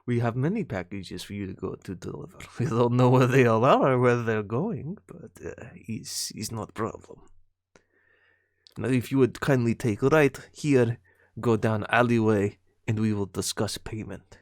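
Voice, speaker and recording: A man's voice: normal speed, no room sound, studio quality, natural voice. A man voicing a shady male crime boss who gives delivery orders in broken English, dropping his articles. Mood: scheming. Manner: broken English, drops articles, low and hushed.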